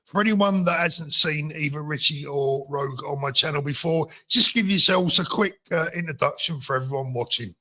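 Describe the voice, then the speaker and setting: A man's voice: on the high side, moderate pace, few pauses, bright, forceful tone, low-quality recording. A man hosting a casual livestream panel, chatty and full of fillers as he welcomes guests. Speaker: livestream host. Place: at home in Spain.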